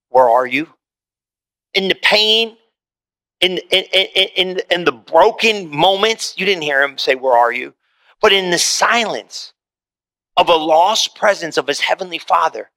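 A man preaching a sermon as pastor, swinging from forceful lines to hushed ones and repeating words as he builds. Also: high-pitched.

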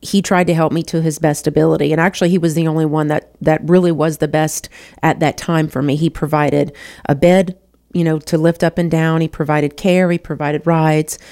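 A woman with a lowish voice tells her own story of loss and faith. She talks straight to her listeners, earnest and emotional, and calls them "y'all.". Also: flat delivery, a little fast, a little mellow. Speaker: show host. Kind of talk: personal testimony.

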